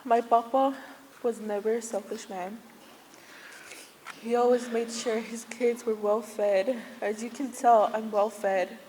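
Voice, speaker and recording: A woman's voice: fairly high pitch, fairly even intonation, unhurried, a little mellow. A woman giving a funeral tribute to her grandfather, holding back tears while telling funny stories about him. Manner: tearful yet humorous storytelling. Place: church service. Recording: echoey hall with faint noise.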